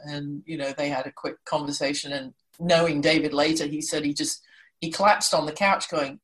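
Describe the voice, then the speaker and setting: Woman, middle-aged, low voice, lively storytelling, laughs often. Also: normal speed. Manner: animated, laughing, acts out quoted voices. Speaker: guest. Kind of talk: casual storytelling.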